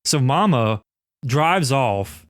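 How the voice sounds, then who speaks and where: A man's voice: medium pitch, lively intonation, drawn-out words, dry recording, studio quality. A man co-hosting a podcast, casually and profanely retelling scenes from a cult film. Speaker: podcast co-host. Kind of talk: casual movie review chat.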